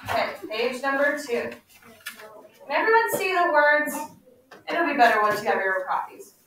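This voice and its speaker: A woman teacher leading a class with call-and-response questions, slowing down to stress key words. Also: high voice, expressive. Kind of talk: classroom instruction. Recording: echoey room, mic far off, faint noise.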